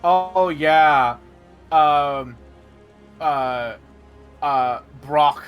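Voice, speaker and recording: A man voicing a quiet, solemn hobgoblin villager in a tabletop game, hesitant and flat in his telling. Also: fairly high pitch, drawn-out words, clean tone, lo-fi sound, soft background music.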